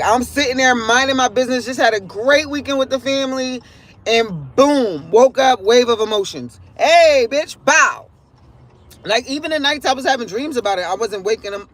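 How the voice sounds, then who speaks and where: A woman hosting a livestream, talking in a candid, rambling and profane way about her feelings. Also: a little high. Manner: profane, rambling, emotionally open. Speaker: livestream host. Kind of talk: casual candid monologue.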